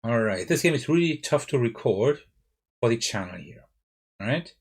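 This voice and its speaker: A man's voice: mid-range voice, animated, moderate pace, husky. A man with a German accent, streaming a live card game playthrough and thinking aloud, often checking himself with "right?". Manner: thinking aloud, self-questioning with frequent "right?". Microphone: desk mic with face cam.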